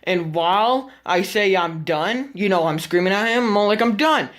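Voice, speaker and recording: A teenage boy vlogging, casually telling a story to the camera, animated and full of swearing as he acts out what happened. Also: high voice, moderate pace. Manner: animated, profane, acts out the scene.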